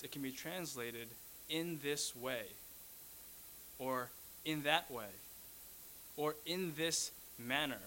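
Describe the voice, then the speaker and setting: A man's voice: mid-range voice, bright, forceful tone, a little hiss or hum, poor audio. A man preaching a sermon, teaching earnestly, repeating key phrases and correcting himself mid-sentence.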